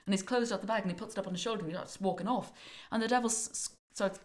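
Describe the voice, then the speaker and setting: A woman telling a folktale in a lively, jokey way during a casual chat. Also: mid-range voice, racing. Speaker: podcast co-host telling a folktale.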